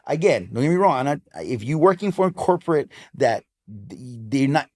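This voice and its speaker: Animated Hawaiian man in his fifties. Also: on the high side, a little fast. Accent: Hawaiian English. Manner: animated storyteller, lively and emphatic. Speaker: guest, DJ and club promoter. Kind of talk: casual interview chat.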